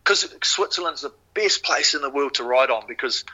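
New Zealand man, accent, very bright tone, guest on a podcast, casual profane storytelling. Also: medium pitch, moderate pace, lo-fi sound. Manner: swears freely, animated retelling. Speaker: podcast guest, former rower.

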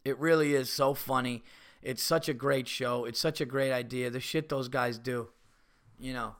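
A man hosting a podcast, telling rambling stories in casual chat. He swears often and gets loud and excitable. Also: mid-range voice, moderate pace. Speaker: podcast host and comedian. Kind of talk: casual storytelling monologue.

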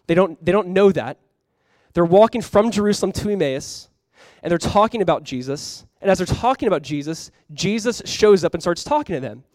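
A young man with a notably high voice preaches with animated, casual energy, talking to his congregation as if chatting with friends. The sound is dry and close, with almost no room around it. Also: brisk, dry recording. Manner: animated, conversational preaching with frequent "like". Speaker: pastor. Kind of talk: sermon.

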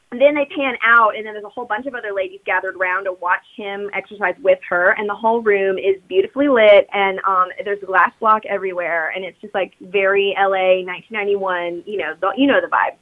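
A woman co-hosting a podcast casually recaps a movie, rambling as a chatty storyteller. Her medium-pitched voice runs a little fast and has phone-quality sound.

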